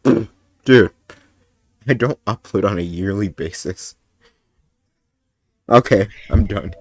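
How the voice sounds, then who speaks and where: A man streaming a game, tired and joking with his guest in casual chat, mumbling one moment and loud the next. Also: fairly low pitch, slow pace, no room sound, clean studio sound. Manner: joking, playful, jumps between mumbling and loud.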